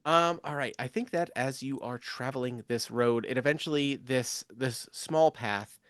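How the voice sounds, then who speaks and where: A man running a tabletop game as game master, talking with many ums and quick asides. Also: medium pitch, a bit bright, clear, resonant tone, dry recording, studio quality. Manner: rambling, lots of ums and asides.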